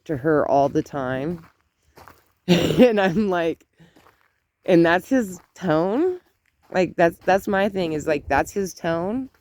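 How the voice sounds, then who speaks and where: Slow, chatty grandmother telling a story. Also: fairly low pitch, expressive, a little mellow, no echo. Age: older. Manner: chatty storytelling with laughs and asides. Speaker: vlogger. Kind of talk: casual chat.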